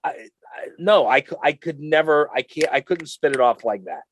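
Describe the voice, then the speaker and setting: A man's voice: a little high, animated, normal speed, a little hiss or hum. A man co-hosting a podcast in loose, rambling, profane chat with plenty of fillers. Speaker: podcast co-host. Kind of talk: casual chat. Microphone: studio mic.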